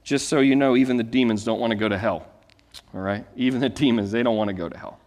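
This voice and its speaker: A man preaching a sermon, reading scripture and then explaining it in a lively, conversational storytelling way. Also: medium pitch, fast talker, long reverb tail. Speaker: pastor.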